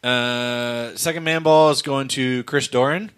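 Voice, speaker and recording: A man's voice: medium pitch, fairly even intonation, measured pace, background noise. A man in his forties co-hosting a casual podcast, speaking in a laid-back, plain way. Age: 40s. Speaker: podcast co-host.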